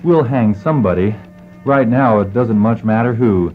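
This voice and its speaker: A man voicing a blunt, ruthless frontier sheriff in an offhand, gruff way, recorded muffled with faint music. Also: lowish voice, normal speed, close to an everyday voice.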